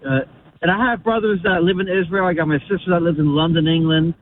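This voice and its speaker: A man with a New Jersey accent calling into a radio show, talking eagerly and excitably. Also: high voice, quick pace. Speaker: caller. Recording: tinny phone line with faint noise.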